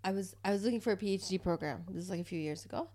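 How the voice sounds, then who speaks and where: A woman in casual chat, telling a story in an animated way and laughing often. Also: medium pitch, rapid-fire.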